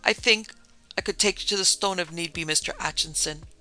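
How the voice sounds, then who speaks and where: A man reading aloud, voicing a quiet, uneasy old male boatman who talks slowly in rustic country speech. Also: high voice, soft background music, rough recording.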